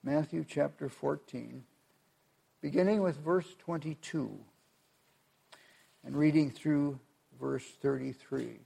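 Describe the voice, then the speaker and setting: A male pastor delivering a sermon in a slow, deliberate cadence. His voice carries a gravelly edge and sits a little higher than most men's. He reads scripture and presses his points with earnest emphasis. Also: dark tone. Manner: earnest, measured preaching with emphatic rises.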